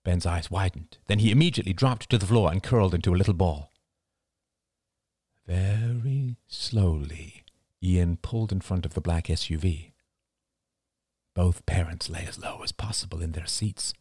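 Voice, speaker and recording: Male audiobook narrator, low and animated, recorded dry and close. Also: normal speed, husky, no room sound. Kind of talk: scripted narration.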